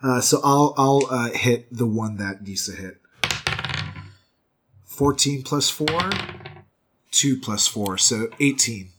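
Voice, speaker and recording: Man, tabletop player, slow deliberate dice-calling, noisy recording. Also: medium pitch. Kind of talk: tabletop game play. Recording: noisy background hiss.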